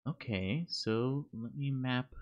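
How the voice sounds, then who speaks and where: A man's voice: mid-range voice, slow, lo-fi sound. A man streaming a game live, chatting and joking to himself as he plays, easily spooked. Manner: chatty, jokey reactions to a horror game, prone to startled yelps. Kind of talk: live gameplay commentary. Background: game music.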